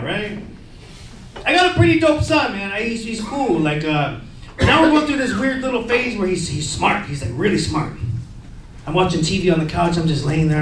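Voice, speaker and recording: A man's voice: high-pitched, fairly bright tone, a little hiss or hum. A man performing a crude, self-mocking stand-up set about parenting and army life at a comedy venue, often acting out other people's lines. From California. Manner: crude, self-mocking storytelling with acted quotes. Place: comedy venue with live audience. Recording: roomy, distant live stage recording with crowd.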